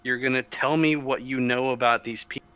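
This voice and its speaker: Casting: a man playing a grim interrogator, low quiet threats, bright edge, dull sound. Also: fairly even intonation, brisk, clean tone, natural voice. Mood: menacing. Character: grieving, menacing male interrogator.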